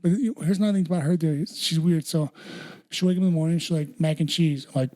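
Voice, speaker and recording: A man's voice: on the high side, fast, warm tone. A man in his thirties co-hosting a podcast, telling rambling casual stories full of "dude" and "bro". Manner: rambling storyteller, says "dude" and "bro" often. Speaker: podcast co-host. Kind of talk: casual chat.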